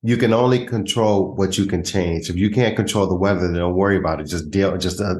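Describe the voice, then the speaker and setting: Low-voiced podcast host in echoey room. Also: male voice, a little fast, a little mellow. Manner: friendly, affirming, rambling. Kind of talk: casual interview talk.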